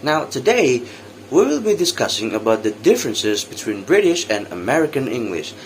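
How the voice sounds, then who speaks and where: A young Indonesian-accented man, a student teacher, gives a practice English lesson and slowly repeats example words for drilling. His medium-pitched voice is very animated, with slight background noise.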